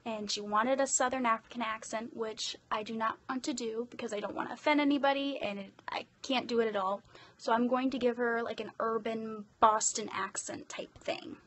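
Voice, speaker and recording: A woman's voice: a little high, steady tone, moderate pace, a bit bright. A young woman with an Irish accent, chatting casually and self-deprecatingly about her voice-acting commissions. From Ireland. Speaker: hobby voice actor.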